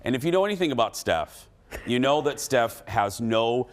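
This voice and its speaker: A man hosting a talk show, telling a story in a casual, animated way and acting out what people said. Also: medium pitch, normal speed. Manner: animated storytelling, acts out quotes. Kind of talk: casual chat.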